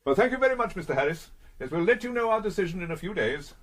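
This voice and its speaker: An actor playing a brisk, clipped admiral who runs the station, in a radio comedy. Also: male voice, high voice, sing-song, background noise. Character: brisk older male admiral, station controller.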